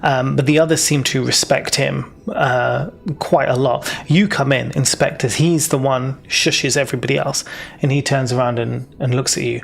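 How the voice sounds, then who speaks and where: A man with a gravelly, creaky voice narrates a tabletop game as game master. His delivery is loose and rambling, full of restarts and fillers. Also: mid-range voice, steady tone, normal speed.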